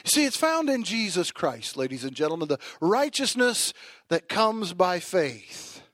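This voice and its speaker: A male preacher delivering an emphatic sermon, swinging from quiet asides to shouted declarations. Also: sits high, sing-song, a little slow, no echo, studio quality.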